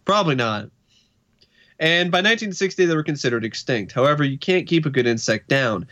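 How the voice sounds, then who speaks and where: A man's voice: a little high, lively intonation, a little fast, fairly bright tone, dull audio. A man co-hosting a casual talk show, reading facts aloud and dropping in dry jokes. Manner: dry jokey asides while reading. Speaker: podcast co-host. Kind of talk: reading a list aloud with asides.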